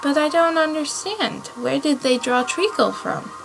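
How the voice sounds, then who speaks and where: Alice, a woman putting on a high, eager young girl. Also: animated, a little slow, gravelly, over music, exaggerated voice, poor audio. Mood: curious. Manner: earnest, high-pitched questioning.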